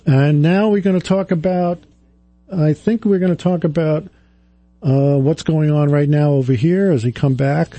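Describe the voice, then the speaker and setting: Middle-aged guy on the radio, rambling with lots of ums, mellow voice, dry close sound. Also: fairly high pitch, normal speed, no room sound, dull audio. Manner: rambling, hesitant, many fillers and restarts. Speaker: radio host. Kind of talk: casual on-air storytelling.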